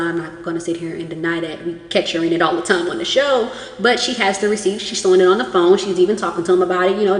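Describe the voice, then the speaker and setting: A woman's voice: mid-range voice, a little mellow. A woman giving a casual, chatty recap of a reality show, acting out quotes as she goes. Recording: echoey room with long reverb.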